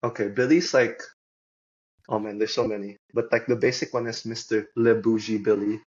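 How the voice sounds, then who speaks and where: Chill young guy on a podcast, kinda low voice, muffled lo-fi audio. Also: steady tone, moderate pace, darkish tone, husky. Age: young adult. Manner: easygoing, chatty and upbeat, laughing often. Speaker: podcast guest. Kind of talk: casual podcast chat.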